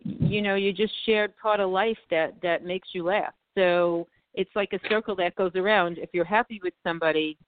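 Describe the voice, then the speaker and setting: A woman's voice: on the low side, fairly even intonation, normal speed, few pauses, dry recording. Woman guest on a dry tinny line. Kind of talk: casual chat.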